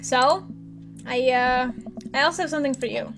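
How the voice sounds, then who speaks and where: A woman's voice: high voice, normal speed. A woman voicing a wry teasing young daughter. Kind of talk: let's play voice acting. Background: game music.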